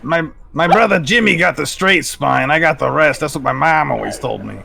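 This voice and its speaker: A man's voice: fairly high pitch, normal speed, creaky, pushed and bright, full character voice. A man voicing a crude, grumbling New York man, with a put-on New York accent, swearing often. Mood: indignant. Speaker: player.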